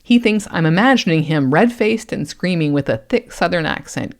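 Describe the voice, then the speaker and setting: A woman's voice: on the low side, expressive. Wry woman from Kentucky. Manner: measured, wry and pointed. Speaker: atheist YouTuber. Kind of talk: commentary vlog responding to a comment.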